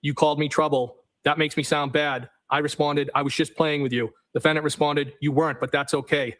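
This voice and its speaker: Man testifying, reading texts out loud. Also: on the high side, fairly quick, low-quality recording. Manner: reads messages in an even, matter-of-fact way, speaking the punctuation aloud. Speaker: trial witness. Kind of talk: courtroom testimony, reading text messages aloud.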